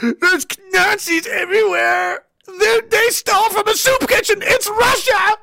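A man voicing a hysterical male alarmist, shouting shrilly in mock panic. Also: very high-pitched, steady tone, measured pace, gravelly, dry recording, clean studio sound, voice pushed up, full character voice. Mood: panicked.

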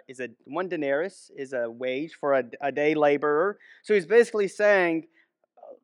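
High-voiced man teaching casually. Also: no room sound, clean studio sound. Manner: conversational, with many restarts and asides. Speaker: minister.

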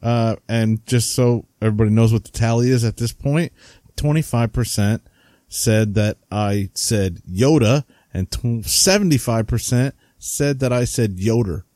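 A man with a New Jersey accent chats on a podcast in a relaxed, mellow voice, reading out listener comments and laughing between them. The sound is dry and close. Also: mid-range voice, normal speed, no room sound. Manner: chatty, laughs while reading names. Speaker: podcast co-host.

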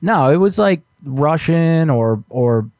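A man's voice: a little high, slow, dry recording. A man hosting a live call-in stream, reading donations and swearing casually. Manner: loose, swearing, excitable. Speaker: show host.

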